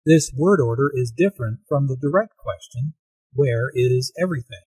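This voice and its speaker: A man narrating language notes in an English lesson in a calm, explanatory manner. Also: mid-range voice, normal speed, husky, dry recording, low-quality recording. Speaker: English teacher.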